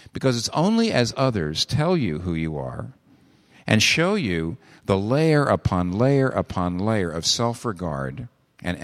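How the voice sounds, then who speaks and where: A man preaching a sermon, animated and full of rhetorical questions. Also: low-pitched, long reverb tail. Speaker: pastor.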